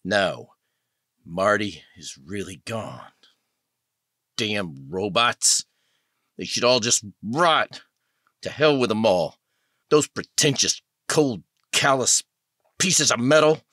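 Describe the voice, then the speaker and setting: A man's voice: fairly low pitch, lively intonation, slow, long pauses, a bit bright, no echo, studio quality, exaggerated voice. A man voicing a grieving young man who rants with bitter contempt.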